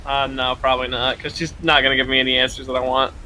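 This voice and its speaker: A man's voice: mid-range voice, level tone, fast talker, bright, forceful tone, a little hiss or hum, rough recording. A man joking bluntly as a player in casual tabletop game chat.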